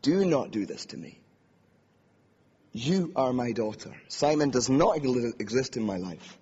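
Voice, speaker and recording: Guy doing his hurt angry scared mom, husky, clenched teeth, long hall echo. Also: medium pitch, animated, a little slow, dark tone. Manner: pleading through clenched teeth. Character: angry, hurt, frightened mother. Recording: long hall reverb, dull lo-fi.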